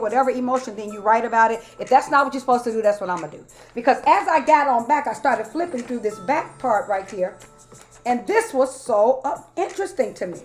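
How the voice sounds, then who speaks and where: A middle-aged woman pastor talking straight to her viewers in a folksy way, often saying y'all, and building into a rhythmic preaching cadence. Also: high-pitched. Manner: folksy, talks straight to listeners with repeated y'all. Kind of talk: sermon-style live talk to viewers.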